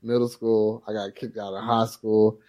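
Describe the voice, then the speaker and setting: A man's voice: lowish voice, moderate pace. A man co-hosting a podcast, telling a childhood story in casual chat and acting out the voices of the people in it. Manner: animated storyteller, acts out quoted voices. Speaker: podcast co-host.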